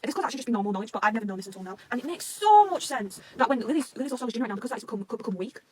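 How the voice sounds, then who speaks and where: Rapid-fire excitable woman gushing. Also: a little high, husky. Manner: excitable, rambling, swears often; gushing and emotional. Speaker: manga reaction vlogger. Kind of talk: casual reaction chat.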